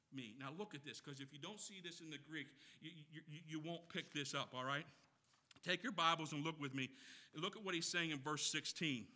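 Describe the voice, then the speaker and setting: A man preaching a sermon with passion, swinging between loud shouted emphasis and quiet teaching, repeating phrases for effect. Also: a little high. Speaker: pastor.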